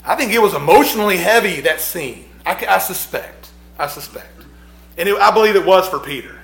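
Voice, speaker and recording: A man's voice: high-pitched, lively intonation, brisk, vocal fry, fairly bright tone, reverberant. A man preaching a sermon, reflective and repeating his phrases, rising with emphasis on key points.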